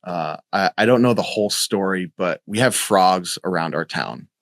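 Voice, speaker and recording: A man with a somewhat low voice hosts a casual podcast chat, talking in quick, eager bursts and swearing freely. The recording is close and dry, with no room sound. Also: fairly bright tone, dry recording.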